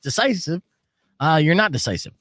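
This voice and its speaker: A middle-aged male radio host with a fairly high voice that swings widely up and down as he tells a story. He jokes his way through casual banter with dry punchlines. The studio mic sounds close and completely dry. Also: very animated, normal speed, fairly bright tone, no room sound. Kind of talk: casual morning-show banter.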